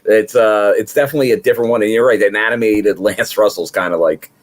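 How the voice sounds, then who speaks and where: A man's voice: on the low side, steady tone, fast talker, background noise. A man co-hosting a wrestling review podcast, giving thoughtful, rambling analysis. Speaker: podcast co-host. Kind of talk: casual wrestling review chat.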